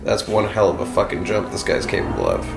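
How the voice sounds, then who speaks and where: A man's voice: lowish voice, fairly quick, vocal fry, over music. Joking man recapping a game. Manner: joking, animated storytelling. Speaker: podcast co-host. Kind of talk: casual chat recapping a video game.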